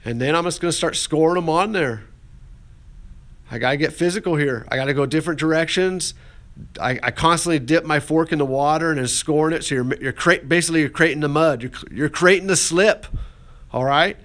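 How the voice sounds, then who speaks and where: A man with a slightly higher voice talks students through a clay project like a teacher in his classroom. His delivery is casual and folksy, with lots of filler words and restarts, and he keeps urging them on. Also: fairly quick, a bit bright. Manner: folksy and encouraging, with many fillers. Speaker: art teacher.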